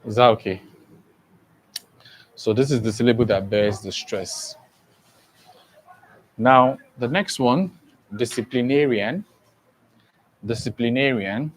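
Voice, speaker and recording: Slow, deliberate male teacher. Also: mid-range voice, poor audio. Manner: slow and deliberate, spells words letter by letter and often checks understanding. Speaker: English teacher. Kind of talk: exam-prep grammar lesson.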